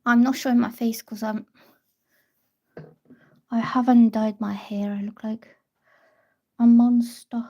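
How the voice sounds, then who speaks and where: A young woman reading tarot on a livestream, chatting casually and telling a story with soft, hesitant restarts. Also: fairly high pitch, little pitch movement, slow pace, long pauses.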